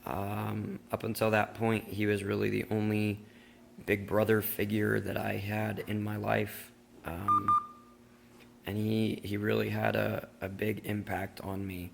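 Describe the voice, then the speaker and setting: A man talks haltingly in a personal video tribute, pausing often. His fairly low voice is heavily gravelly and almost monotone. A faint noise sits behind him. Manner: halting, with many pauses and fillers. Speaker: brother-in-law sharing memories.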